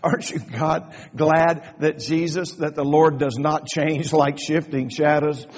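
Older man, pastor, high-pitched and folksy, preaching in a reverberant church on a dull, lo-fi recording. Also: steady tone, measured pace. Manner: folksy, joking asides building to fervent preaching. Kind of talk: sermon. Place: church sanctuary. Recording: echoey church hall, dull lo-fi sound.

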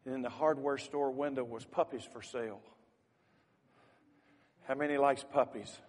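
A man's voice: mid-range voice, steady tone, normal speed, big-room sound. A man preaching a sermon as a pastor, telling a folksy story and teasing the congregation.

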